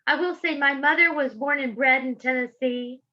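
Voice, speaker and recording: A woman's voice: high voice, normal speed, muffled recording. A middle-aged woman from Georgia with a Southern accent, giving impassioned public testimony in a fervent, preacherly way. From Georgia, USA. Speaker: public speaker.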